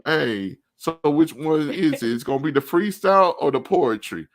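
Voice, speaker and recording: A man's voice: a little high, lively intonation, moderate pace. A young adult man chatting casually, stammering as he cheers on a friend. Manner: stammering, encouraging banter. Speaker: co-host. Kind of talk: casual chat.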